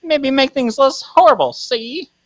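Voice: high voice, expressive, a little slow, no room sound. A podcast co-host putting on an old-fashioned tough-talking man with a trans-Atlantic lilt and 1940s slang. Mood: earnest. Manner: 1940s film slang, clipped and brash.

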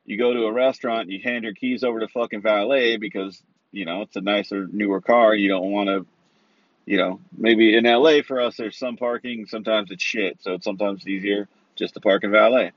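A man in the Los Angeles area rants in a loose, rambling monologue full of heavy swearing and rhetorical "right?" asides. His voice is fairly low, steady and brisk, recorded dry with no room sound and a slightly dull quality.

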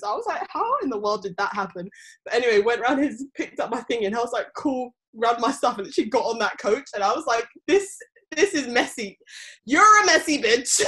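Woman, twenties, casual rambling storyteller, mid-pitched voice. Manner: rambling storytelling with many fillers. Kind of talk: casual chat.

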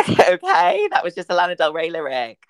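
A young man with a husky voice hosting a podcast, bantering over a video call in a camp, teasing way. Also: fairly high pitch, wildly swooping pitch, moderate pace, a bit bright, no echo, poor audio. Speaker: podcast host. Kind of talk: casual chat.

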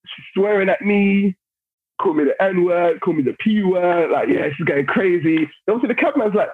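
A man telling a story on a podcast in a casual, animated way. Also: high-pitched, moderate pace. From London, England. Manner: animated, acts out other people's lines while telling stories. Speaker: podcast guest. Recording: phone-like narrow sound.

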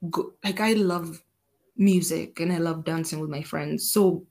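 Animated young woman from Kenya, low voice. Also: unhurried. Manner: animated, self-deprecating, acts out quotes. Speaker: podcast guest. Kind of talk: casual conversational storytelling.

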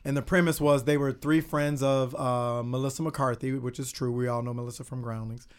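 A man's voice: mid-range voice, steady tone, brisk, smooth. A man chatting casually as a guest actor, joking playfully and laughing often. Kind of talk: casual chat.

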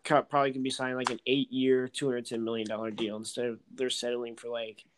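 A man talking baseball casually, rambling with lots of fillers and getting excitable. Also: mid-range voice, quick pace, a little hiss or hum. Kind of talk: casual sports chat while playing a video game.

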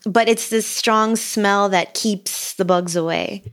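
A woman co-hosting a podcast, upbeat and animated in casual conversation. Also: mid-range voice, takes it slowly. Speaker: podcast co-host. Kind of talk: casual chat.

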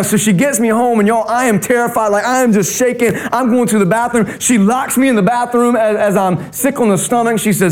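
A man's voice: extremely high pitch, steady tone, brisk, hardly any pauses. Storytelling Southern preacher man. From North Carolina. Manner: conversational storytelling, humorous. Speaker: pastor. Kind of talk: sermon.

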